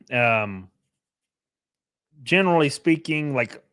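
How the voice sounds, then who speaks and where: A young man casually chatting on a livestream while reading chat. He is loose and profane, uses lots of fillers and suddenly jumps way up in pitch for jokes. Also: slow pace, clear, resonant tone. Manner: animated, pitch jumps up sharply on bits.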